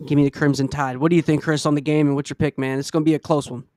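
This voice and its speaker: A man's voice: fairly high pitch, flat delivery, rapid-fire, darkish tone, no echo, clean studio sound. A man hosting a casual sports podcast, rambling a bit and saying "man" often. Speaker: podcast host.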